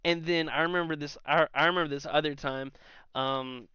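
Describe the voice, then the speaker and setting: A man's voice: fairly high pitch, a little fast, smooth, no echo. A young man co-hosting a podcast, telling stories in casual chat with lots of swearing and animation. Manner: profane, animated storyteller. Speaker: podcast co-host.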